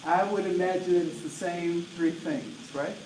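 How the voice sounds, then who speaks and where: Energetic man speaking in a roomy hall. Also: high voice, unhurried. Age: 40s. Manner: energetic, rhetorical, frequent "right?" checks. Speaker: diversity trainer. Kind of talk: keynote talk to an audience. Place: large room with an audience. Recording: roomy echo, voice from a distance, faint noise.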